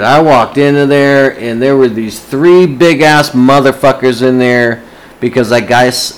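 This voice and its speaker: A man's voice: medium pitch, rough recording. A man ranting casually to camera, agitated and swearing constantly.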